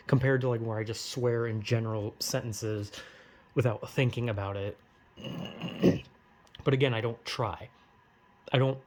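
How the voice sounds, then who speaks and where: A man's voice: mid-range voice, darkish tone. A man vlogging in a rambling, casual monologue, full of filler words and offhand swearing.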